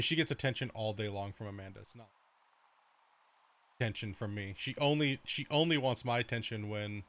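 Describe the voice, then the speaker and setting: A young man with a mid-range, fairly bright voice chats casually while streaming a game. He rambles and rants, swearing freely as he goes.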